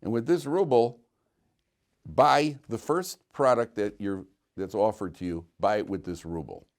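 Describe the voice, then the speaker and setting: A wise old Hasidic Rebbe, as a male teacher puts him on, calm and instructing, in a voice pitched a little low. He speaks in steady, measured instructions. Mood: advising.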